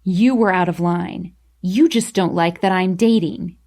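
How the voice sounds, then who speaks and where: A woman's voice: a little slow, a little mellow. A woman voicing an angry, defensive young man in a storybook reading, speaking in a clipped, cold, bitter way. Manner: clipped, bitter, low and icy.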